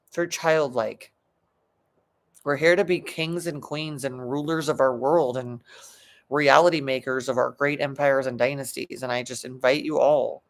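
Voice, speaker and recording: A middle-aged woman, a psychologist and coach, giving a motivational talk in an earnest, emphatic way, often restarting her sentences. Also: very deep voice.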